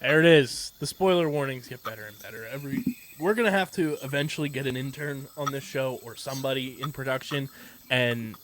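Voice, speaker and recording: A man's voice: mid-range voice, a little fast, a bit bright, a little hiss or hum. Enthusiastic man recapping a TV episode. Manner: enthusiastic, rambling with many "like" fillers. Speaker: podcast co-host. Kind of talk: casual pop-culture podcast chat.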